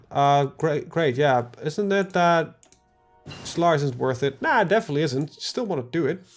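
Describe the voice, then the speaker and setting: A man with a fairly high, creaky voice live-streams a strategy game, chatting casually with himself and his viewers. He thinks out loud, fills his talk with ums, and swears now and then.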